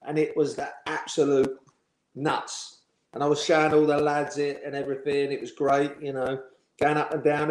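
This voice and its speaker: Chatty ex-footballer telling stories, echoey. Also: male voice, medium pitch, a little mellow. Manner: chatty storyteller, laughs while telling. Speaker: former professional footballer, interviewee. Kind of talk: anecdotal interview chat. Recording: roomy echo.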